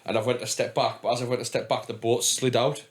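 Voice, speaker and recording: A man's voice: medium pitch, flat delivery, quick pace. A young man from England hosting a podcast, chatting casually and telling rambling stories full of fillers and swearing. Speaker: podcast host.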